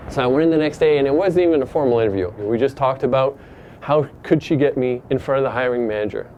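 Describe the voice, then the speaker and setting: A man's voice: medium pitch, fast, darkish tone, a little hiss or hum. Man telling a personal story, lo-fi. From Canada. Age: middle-aged.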